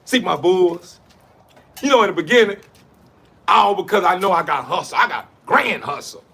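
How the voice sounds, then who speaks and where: A man's voice: sits high, animated, moderate pace, creaky, bright, forceful tone, breathy edge. A man giving a rambling, preachy motivational monologue in street slang, with lots of repetition. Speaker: dog breeder talking to camera.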